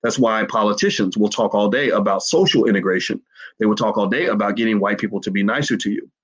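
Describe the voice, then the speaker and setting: A man's voice: lowish voice, rough recording. A man giving emphatic livestream commentary to his chat, hammering points with repeated rhetorical questions. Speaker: finance commentator.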